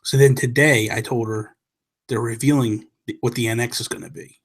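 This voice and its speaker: A man hosting a casual gaming chat show, telling stories in an excited, rambling way and often correcting himself. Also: medium pitch, normal speed. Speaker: podcast host.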